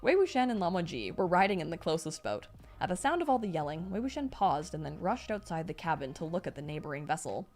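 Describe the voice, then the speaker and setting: A young woman streamer reading a novel aloud, steady between excited asides. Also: fairly low pitch, fast talker, faint music behind. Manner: reads steadily, breaks off into excited reactions.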